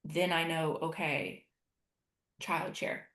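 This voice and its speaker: A woman with a lowish voice talks earnestly and animatedly as a podcast guest, sharing coaching ideas. The sound is roomy, with clear echo around her. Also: fairly even intonation, takes it slowly, fairly bright tone. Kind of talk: podcast conversation.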